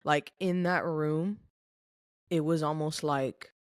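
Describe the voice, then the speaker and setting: Slowly and with fairly even intonation, a young woman with a low-pitched voice tells a personal story on a podcast. It's candid, earnest and emotional, packed with fillers and frequent "like". Clean studio sound, no room sound.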